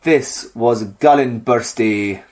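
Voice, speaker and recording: A man's voice: medium pitch, slow pace, darkish tone. A man co-hosting a podcast, chatting casually and reading myths aloud with a jokey manner. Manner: jokey, slips into silly put-on voices. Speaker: podcast co-host.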